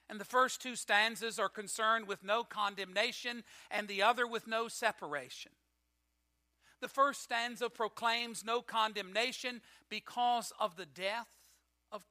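A man preaching a sermon, reading scripture and telling an illustration in a measured, declamatory way. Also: high-pitched, pushed and bright.

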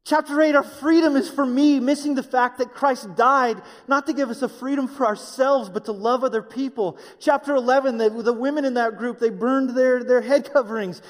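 A man preaching a sermon in an animated way, acting out the voices of others with jokey asides. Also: very high voice, normal speed, hardly any pauses, big-room sound. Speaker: pastor.

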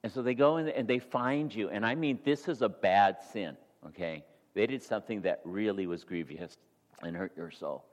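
A man's voice: on the low side, moderate pace. Male pastor preaching in a reverberant hall. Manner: shifts from soft, near-whispered confession to loud, rising preaching. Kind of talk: sermon. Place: church sanctuary. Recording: long hall reverb in a church.

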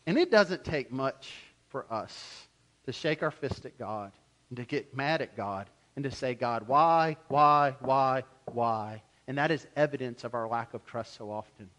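A man preaching a sermon as pastor, animated, acting out the voices he quotes. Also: medium pitch, normal speed.

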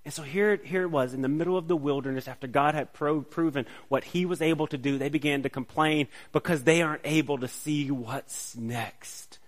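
A man with a slightly high voice delivers a sermon in a relaxed, conversational manner. He keeps checking in with his listeners by asking "right?", restarts his phrases, and moves between quiet reflection and emphatic points. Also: moderate pace, hardly any pauses. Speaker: preacher.

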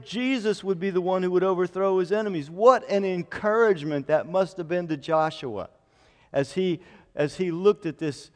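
A male pastor preaching a sermon, quoting scripture at length and rising to loud, emphatic declarations. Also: high-pitched. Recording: long hall reverb.

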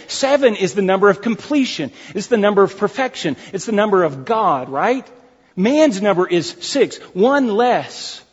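A male preacher delivers an emphatic sermon and repeats his key phrases to drive them home. His voice sits high and a little husky. The recording is dull and lo-fi, with long reverb from a large hall. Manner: addresses the congregation as folks. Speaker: pastor.

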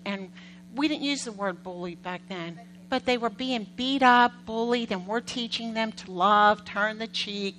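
A middle-aged woman pastor preaches conversationally, telling animated stories, acting out quotes, and posing questions to the congregation. Her voice is high, and the poor audio carries slight background noise.

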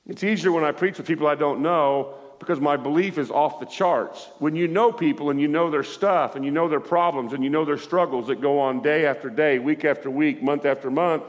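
A man delivers a sermon with a somewhat high voice. He talks in a lively way and calls out to the congregation now and then. The sound has a long, echoing hall reverb. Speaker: preacher.

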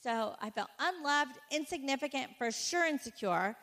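A woman speaker giving an animated personal testimony to a conference audience, full of "like" fillers. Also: high voice, normal speed. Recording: echoey hall reverb.

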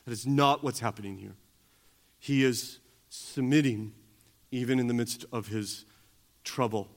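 A male pastor preaching a sermon, moving between quiet teaching and loud, emphatic preaching. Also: medium pitch, a little slow.

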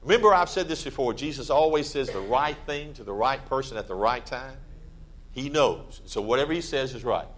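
A man preaching a sermon in a church, conversational and plain-spoken, with sudden loud emphatic bursts. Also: mid-range voice, lively intonation, brisk, a little hiss or hum. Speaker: pastor.

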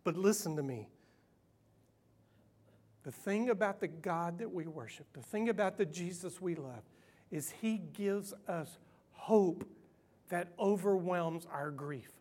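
A middle-aged man preaching a sermon, animated and self-mocking, moving between hushed earnest stretches and loud playful ones. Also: high-pitched, a little slow, long pauses. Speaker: pastor.

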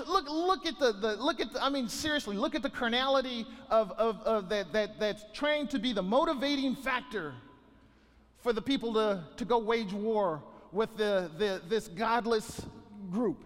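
Very high-voiced preaching man, echoing hall. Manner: animated, often repeats and restarts words. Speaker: pastor. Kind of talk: sermon.

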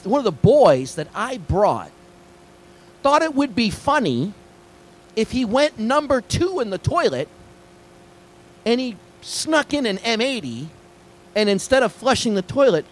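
A middle-aged man preaching a sermon, telling a story with lively swings between hushed asides and excited high points. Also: low-quality recording. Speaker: pastor.

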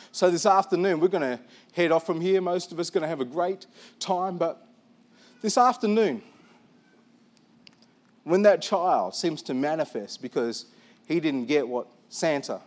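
A pastor delivers a sermon in a notably high voice for a man. He preaches with animated energy and pokes fun at his own failings as he tells stories from everyday life. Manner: animated, self-deprecating storytelling.

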